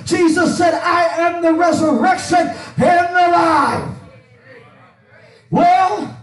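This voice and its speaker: A man preaching to a church congregation, shouting his lines in a chanted, sing-song style with frequent "uh" fillers, in an echoey church. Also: very high-pitched, fairly even intonation, slow, a faint crowd. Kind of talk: whooping chanted sermon. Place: church sanctuary. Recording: echoey room, far from mic, with music.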